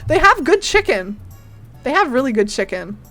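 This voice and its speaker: High-voiced giggly woman streamer. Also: moderate pace, soft background music. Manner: giggly, excitable, swears casually. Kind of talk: casual livestream chat.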